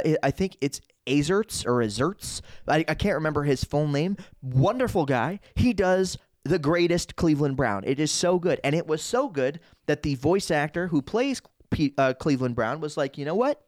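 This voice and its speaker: A man's voice: fairly high pitch, expressive, normal speed, hardly any pauses, no room sound, clean studio sound. A man guesting on a podcast as a comedian and impressionist, talking in an earnest, opinionated way that wanders off on tangents. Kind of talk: casual podcast chat.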